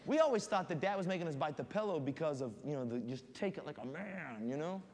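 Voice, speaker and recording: A man preaching as a guest pastor in a church, reading scripture aloud and telling animated stories. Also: on the high side, fast. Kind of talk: sermon. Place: church sanctuary. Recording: long hall reverb, faint room noise.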